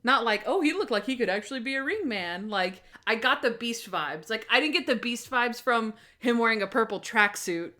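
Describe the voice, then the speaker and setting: A woman's voice: on the high side, expressive, moderate pace, hardly any pauses, sharp tone. A woman co-hosting a podcast, chatting casually about a TV episode, laughing often and acting out quoted lines. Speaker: podcast co-host. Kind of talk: casual chat recapping a TV episode.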